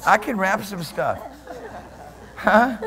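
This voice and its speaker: A man preaching a sermon as pastor, animated and laughing often, swinging from quiet murmurs to loud shouts. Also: high-pitched, slow pace, a loud crowd, very noisy. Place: church sanctuary. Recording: long hall reverb.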